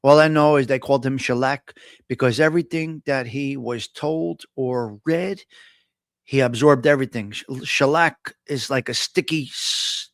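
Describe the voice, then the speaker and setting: A middle-aged man, hosting a casual live coffee talk show and chatting in an animated, storytelling way. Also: on the high side, dry recording, clean studio sound. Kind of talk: casual live-stream chat.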